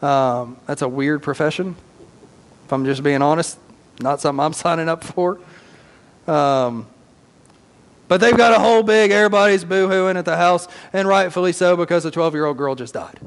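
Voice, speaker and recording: High-voiced preacher. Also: male voice, normal speed, in a large hall. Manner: animated storytelling with casual slang. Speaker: pastor. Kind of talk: sermon.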